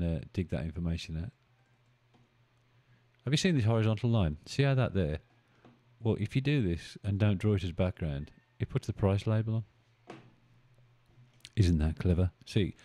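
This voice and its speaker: A man's voice: sits low, dark tone. A man hosting a live stream, chatting casually, thinking aloud and bantering with his viewers as he goes. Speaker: live-stream trading host.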